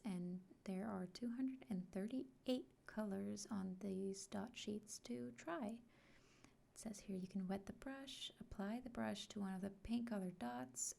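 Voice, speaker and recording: A woman giving a soft-spoken unboxing vlog, often sliding into a whisper and talking slowly and gently. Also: mid-range voice, vocal fry. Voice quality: frequently whispered. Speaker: art vlogger.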